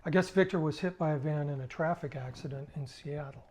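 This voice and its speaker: Older man telling a halting story. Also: fairly high pitch, a little mellow. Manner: halting, conversational, with restarts. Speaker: musician recalling his past. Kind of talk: casual spoken storytelling.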